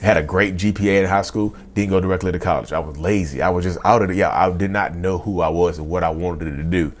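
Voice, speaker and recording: Fast-talking deep-voiced man in his thirties. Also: slight background noise. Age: 30s. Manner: animated, acts out past outbursts in a loud high voice; addresses viewers as y'all, frequent you know. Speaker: vlogger. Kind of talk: confessional storytelling.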